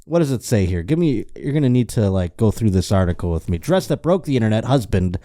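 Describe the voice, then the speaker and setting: A man's voice: on the low side, big pitch swings, fast, warm tone, no echo, clean studio sound. Hungover man rambling through comedy news. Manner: rambling, joking, self-interrupting. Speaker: host. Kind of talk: casual comedic news chat.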